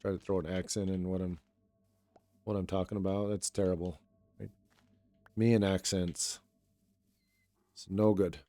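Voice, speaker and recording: Low, mellow-voiced man streaming, voice a bit raw. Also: unhurried, pauses often, dry recording, soft background music. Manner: relaxed, rambling, chatting with viewers. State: voice a little raw. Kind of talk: casual live-stream chat.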